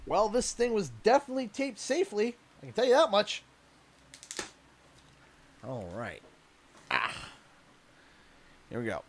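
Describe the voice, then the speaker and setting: A young man from Canada chats through a livestream unboxing, joking and rambling as he goes. His voice sits high for a man and swings widely in pitch, jumping up when something excites him. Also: unhurried, pauses often, slight background noise. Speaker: streamer. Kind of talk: casual livestream chat while unboxing.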